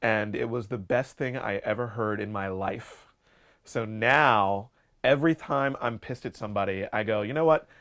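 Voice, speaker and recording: A man's voice: lowish voice, moderate pace, fairly bright tone. A young man guesting on an interview, joking playfully and laughing often as he tells stories. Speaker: actor guest.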